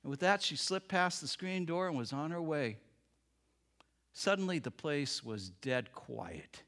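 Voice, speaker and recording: A man preaching, telling a story with lively acted-out voices. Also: on the high side, unhurried. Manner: animated, acts out voices in the story. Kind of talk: sermon storytelling.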